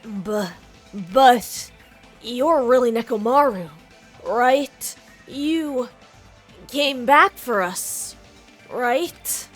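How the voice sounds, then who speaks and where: A brash young male mechanic, rough-mouthed and easily rattled, blurting exclamations, as a woman puts him on. The voice is high and unhurried. Faint game music sits behind him. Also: expressive. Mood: anxious. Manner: rough-spoken, exclaiming, slangy. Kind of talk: reading game dialogue aloud with voices.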